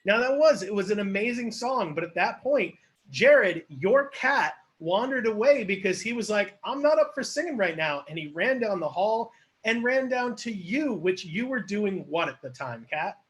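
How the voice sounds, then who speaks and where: A man hosting an online improv comedy show, narrating the scene in an animated storytelling manner. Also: high-pitched, moderate pace.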